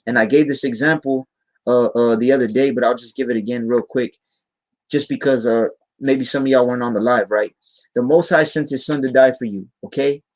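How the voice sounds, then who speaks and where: A young man gives an informal live-stream sermon, speaking casually but earnestly. He keeps asking "right?" to check that his listeners follow, and he slows down to read scripture. His voice sits at an ordinary middle pitch. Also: steady tone. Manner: reads scripture aloud in a slower voice.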